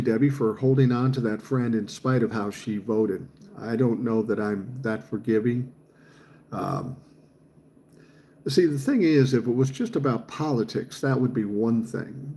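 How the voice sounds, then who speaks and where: A man's voice: medium pitch, mellow. A man in his sixties hosting a livestream, reading viewer comments aloud and answering them in a blunt, profane, fired-up way. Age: 60s. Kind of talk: casual chat.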